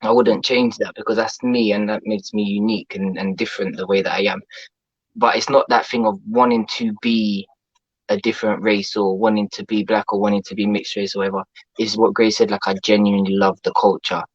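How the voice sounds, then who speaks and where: A man talks casually as a guest, meandering through his thoughts with plenty of fillers. His voice sits a little low. The recording sounds dull and dry. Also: little pitch movement, a little fast, husky, no echo. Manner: chatty, hesitant with many fillers. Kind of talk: casual chat.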